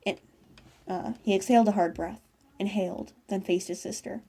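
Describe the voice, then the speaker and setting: A woman reads a piece of fan fiction aloud, casual and unpolished, often stumbling and fixing her words. Her voice has a gravelly, creaky texture and a mellow, dark tone. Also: mid-range voice, fairly even intonation, normal speed. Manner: casual, with stumbles and self-corrections. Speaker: fanfiction reader.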